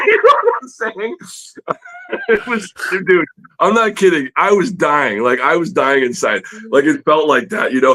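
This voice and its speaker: A man, a comic book artist appearing as a guest, telling a story in a casual, animated way with frequent laughs and fillers. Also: fairly high pitch, a little slow, poor audio. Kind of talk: casual storytelling in a podcast interview.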